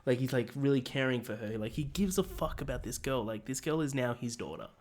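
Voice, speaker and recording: A man co-hosting a podcast, retelling scenes in a lively, casual way and acting out characters' lines, swearing freely. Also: medium pitch, brisk. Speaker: podcast co-host. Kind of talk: casual chat. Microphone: remote call.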